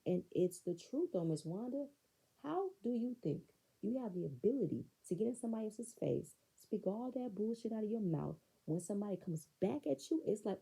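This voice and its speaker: Sassy woman with a gravelly low voice. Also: expressive, normal speed, warm tone, rough recording. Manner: blunt, sassy, profane, talks back to the screen. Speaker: reality TV recap host. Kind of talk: casual show recap commentary.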